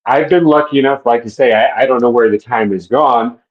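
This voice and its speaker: Stadium announcer, man, 50s, unhurried storyteller, mid pitch, dull audio. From Minneapolis, USA. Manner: laughs softly, relaxed storytelling with fillers. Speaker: public address announcer. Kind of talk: casual interview reminiscing.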